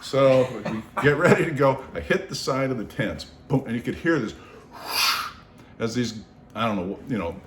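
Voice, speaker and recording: Animated man telling a story, roomy sound. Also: medium pitch, moderate pace. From Seattle, United States. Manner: animated, acts out voices, swears freely. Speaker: storyteller on his own show. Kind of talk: casual anecdote in conversation. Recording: roomy echo, faint background noise.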